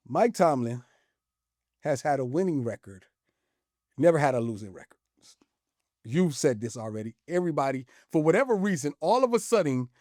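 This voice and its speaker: A man with a fairly high voice calmly pushes back in a sports argument, in a steady and measured way. His voice sounds dry and close, with no room echo. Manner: measured, repeats "it is what it is". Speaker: co-host. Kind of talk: sports debate.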